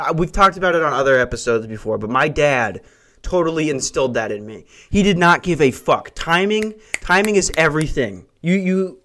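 A young man with a fairly high voice is on a profane comic tirade. He sounds exasperated and keeps slipping into mocking impressions of other people. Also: fairly bright tone. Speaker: podcast host. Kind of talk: comedic rant.

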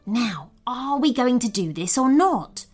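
A smug little magic mouse barks and snaps his orders in a storybook tale, as a woman puts him on. The voice sits a touch high and swings widely in pitch. Soft music plays faintly behind. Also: big pitch swings. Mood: bossy. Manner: snappish, brisk, commanding.

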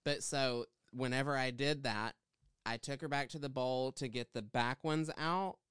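A man's voice: mid-range voice, steady tone, moderate pace, fairly bright tone, clean tone, no echo, studio quality. A man co-hosting a podcast, casually telling a long salon story with lots of fillers. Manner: chatty, rambling with fillers. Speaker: podcast co-host, hairstylist.

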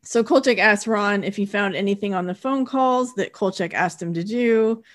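A woman co-hosting a podcast, narrating scenes in a relaxed way and acting out the quoted lines. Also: mid-range voice. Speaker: podcast co-host. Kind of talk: casual recap chat.

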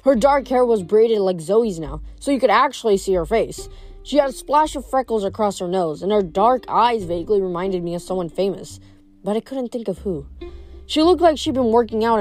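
A woman reading a novel aloud in a steady, plain narrating voice. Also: mid-range voice. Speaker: audiobook reader.

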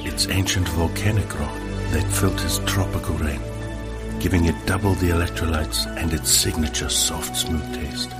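A man voicing a scripted advertisement in a slow, measured read. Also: deep voice, steady tone, loud music behind the voice. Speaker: ad voice-over.

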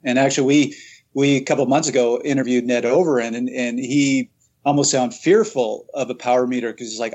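A man hosting a cycling podcast, talking in a measured, reflective way with some stammered starts. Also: mid-range voice, steady tone, a little mellow, rough recording. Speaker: podcast host. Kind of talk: casual interview talk.

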